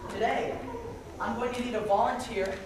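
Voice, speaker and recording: A man's voice: extremely high pitch, steady tone, moderate pace. A man doing a jokey, playful magic show for a young audience at a camp, talking to the kids and calling up volunteers. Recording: echoey hall, distant mic, loud crowd and noise.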